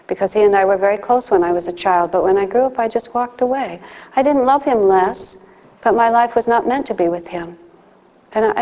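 A woman's voice: mid-range voice, dark tone. A woman giving a conversational spiritual talk, mixing teaching with personal stories and playful acted asides. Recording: long hall reverb.

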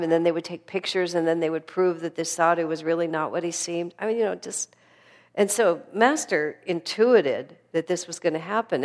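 Low-voiced woman teaching a spiritual class. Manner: animated storytelling, earnest.

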